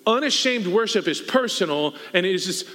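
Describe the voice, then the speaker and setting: Bright-voiced man preaching in a hall. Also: high-pitched, animated, a little fast. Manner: conversational, joking asides. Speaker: pastor. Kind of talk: sermon. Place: church sanctuary. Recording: long reverb of a hall.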